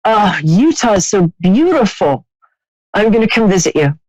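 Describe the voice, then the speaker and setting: A woman's voice: mid-range voice, very animated, moderate pace, a little mellow, no echo, muffled recording. A woman hosting a live psychic radio call-in, chatty and laughing often, with many restarts.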